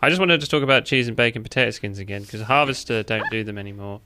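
A man's voice: on the low side, fast talker, sharp tone, a little hiss or hum. A man in a casual chat, eager and easily impressed.

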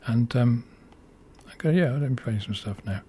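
A man's voice: mid-range voice, expressive, unhurried, dark tone, breathy edge. A man presenting a music show, talking unscripted and hesitantly with many ums and restarts. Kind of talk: casual unscripted radio-style introduction.

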